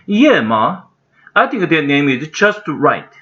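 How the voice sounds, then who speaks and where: A man with a Korean accent voicing an eager young boy in a storybook reading, high and pleading. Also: sing-song, takes it slowly, a bit bright, dull audio, exaggerated voice. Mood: cheerful.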